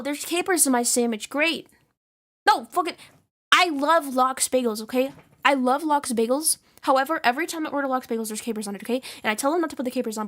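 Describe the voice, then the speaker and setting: A young woman streamer in casual chat, ranting with lots of swearing and laughter. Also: high-pitched. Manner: profane, animated ranting with frequent laughs.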